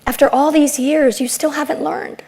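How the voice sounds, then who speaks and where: A woman putting on her older mother's voice, soft and patient as she gently chides her daughter. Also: high voice, steady tone, moderate pace. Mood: gentle scolding.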